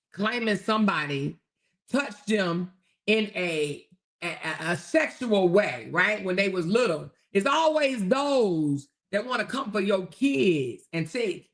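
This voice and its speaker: A woman hosting her own online talk show, delivering a loud, taunting, profanity-heavy rant. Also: on the high side.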